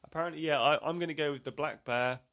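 A man's voice: fairly high pitch, fast, fairly bright tone. A man co-hosting a podcast, chatting casually, rambling and unsure of his facts, with dry jokes. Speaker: podcast co-host. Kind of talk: casual comedic chat.

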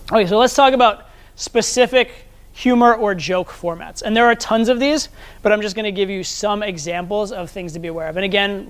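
A man teaching a live seminar as a social skills coach, talking conversationally and often checking in with the audience. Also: high-pitched.

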